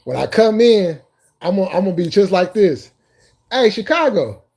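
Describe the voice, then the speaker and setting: A man's voice: sits high, animated, brisk, vocal fry, warm tone. A man hosting a casual live stream, laughing constantly and bantering loosely and profanely with viewers in the chat. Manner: repeats phrases, talks to chat viewers by name.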